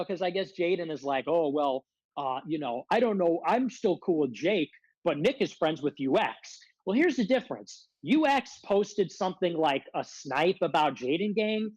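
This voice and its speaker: A man's voice: sits high, no room sound, rough recording. A man ranting as a guest on a livestream, confrontational and self-described as a hothead, repeatedly demanding answers. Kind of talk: heated casual rant.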